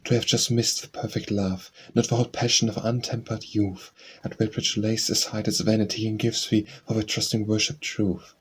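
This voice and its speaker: A man's voice: lowish voice, little pitch movement, normal speed, hardly any pauses, a little hiss or hum. A man reading poems aloud for an audiobook, reciting dialect verse in a rhythmic sing-song. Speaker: audiobook reader.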